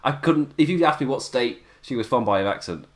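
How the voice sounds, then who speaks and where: A man's voice: mid-range voice, animated, a little fast. An English man hosting a wrestling review podcast, talking casually and laughing often. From England. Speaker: podcast host.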